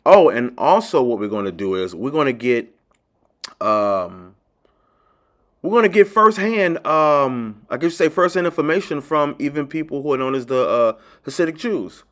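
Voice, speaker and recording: Speaking at a moderate pace in a mid-range, sing-song voice, a teacher who runs his own channel delivers a lecture-style video lesson. He addresses his audience directly as ladies and gentlemen, pressing his points insistently and repeating key phrases.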